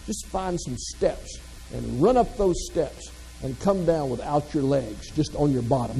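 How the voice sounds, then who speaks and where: A man's voice: on the high side, expressive, measured pace, vocal fry, dark tone, big-room sound, a little hiss or hum, poor audio. A man from the American South, giving a motivational keynote full of folksy, self-deprecating humor. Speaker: motivational speaker.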